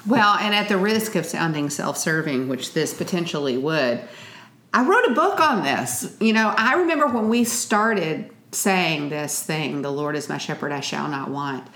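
A woman's voice: low-pitched, expressive, moderate pace, fairly bright tone. A middle-aged woman co-hosting a Christian parenting podcast, speaking in an earnest, teaching way and quoting scripture. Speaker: co-host and parenting author. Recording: roomy echo.

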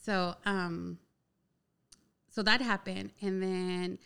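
A young woman casually telling a personal story, chatty and animated, with a lot of "like" filler. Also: mid-range voice, drawn-out words, creaky, clean tone. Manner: chatty, heavy use of "like" filler, animated retelling.

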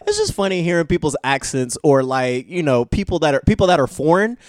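A man co-hosting a casual podcast chat, telling stories in an animated, rambling way. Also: a little high, a little fast, no room sound, studio quality.

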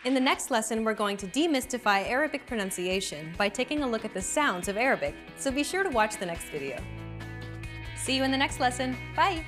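A young adult woman hosting a language lesson, with clear, upbeat, teacherly scripted narration. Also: fairly high pitch, sing-song, fairly quick, music in the background.

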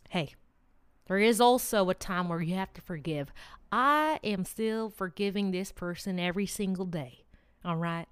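A woman's voice: mid-range voice, moderate pace, clean tone. A woman hosting a weekly motivation vlog, talking casually and chattily, laughing and teasing as she speaks straight to her viewers. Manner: chatty, animated, laughs and teases, rambles, direct address. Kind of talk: casual motivational talk to camera.

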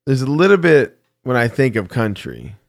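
A man's voice: mid-range voice, wildly swooping pitch, moderate pace, creaky. A man co-hosting a podcast and a singer himself, talking casually, hesitant with lots of ums and restarts. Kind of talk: casual chat.

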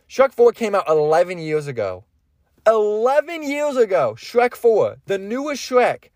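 A man's voice: high-pitched, darkish tone, no room sound. Rambling, profane young man, dry sound. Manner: rambling, profane, laughing at his own jokes. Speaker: podcast host. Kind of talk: casual solo movie chat.

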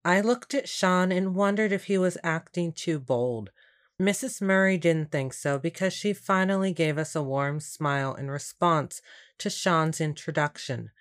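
A woman narrating a storybook in a calm, even, unhurried reading voice. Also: low voice. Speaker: audiobook narrator.

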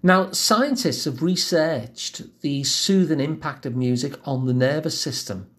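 A man giving a calm self-help lesson in a gentle, measured, reassuring way. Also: on the high side. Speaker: wellbeing teacher.

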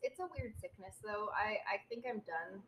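A woman's voice: mid-range voice, normal speed, a bit bright, poor audio. A young woman co-hosting a casual podcast with her husband, laid-back and a little hesitant. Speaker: co-host, host's wife.

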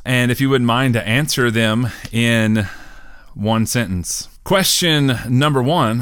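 A man hosting a preaching podcast, asking plain, steady interview questions. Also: medium pitch, no echo, studio quality. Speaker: podcast host.

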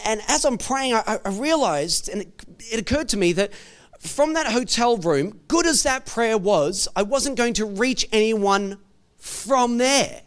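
A man with an Australian accent, a pastor telling a story in a sermon, animated and often repeating words as he goes. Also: sits high.

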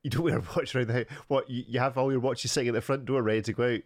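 A man's voice: mid-range voice, steady tone. Man hosting a chatty podcast. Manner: teasing, quick to laugh. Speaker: podcast host. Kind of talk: casual chat.

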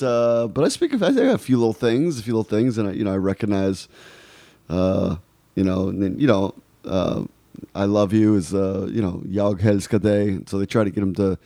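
A man hosting a podcast in easygoing, casual chat, often repeating words and filling pauses. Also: lowish voice, mellow, no echo, studio quality. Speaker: podcast host.

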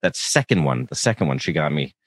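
A man chatting casually as a podcast co-host, animated and laughing, his voice jumping up when he is exasperated. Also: very deep voice, a little fast, no echo. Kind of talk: casual chat.

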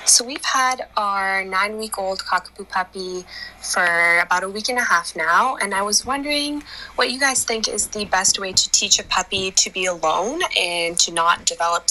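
A woman's voice: on the low side, pushed and bright, low-quality recording. A young woman leaving a recorded voice message, asking for advice in a concerned tone. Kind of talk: recorded voice question.

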